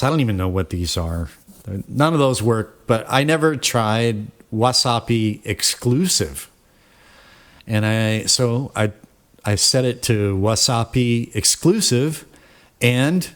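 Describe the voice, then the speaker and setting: A man with a fairly low voice talks slowly through a casual software tutorial from his home computer setup. He rambles, trails off with fillers and corrects himself as he clicks through settings. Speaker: tutorial host.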